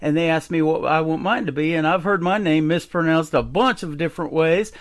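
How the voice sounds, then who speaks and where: A man's voice: a little high, brisk. A middle-aged man hosting a radio show, chatty and enthusiastic as he interviews his guest. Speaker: radio host.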